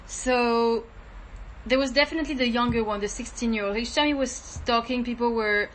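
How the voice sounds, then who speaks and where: A woman's voice: a little high, normal speed, slight background noise, low-quality recording. A woman researcher talking through her focus group notes in a thoughtful, casual way. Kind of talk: casual debrief chat.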